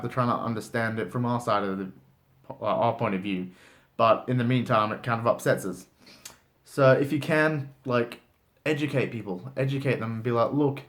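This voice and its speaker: A man speaking frankly and casually to camera in a motivational vlog, full of "like" fillers and the odd swear word. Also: mid-range voice. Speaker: motivational vlogger.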